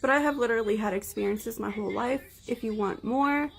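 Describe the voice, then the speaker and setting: A woman's voice: fairly high pitch, brisk, vocal fry, slight background noise. Blunt, profane young woman telling a story. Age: 20s. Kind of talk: casual storytelling to phone camera.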